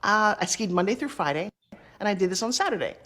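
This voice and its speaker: A middle-aged woman telling career stories in an interview, acting out the dialogue with quick asides. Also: medium pitch. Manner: lively, acts out quoted dialogue, quick asides. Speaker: interview guest. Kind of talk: animated storytelling.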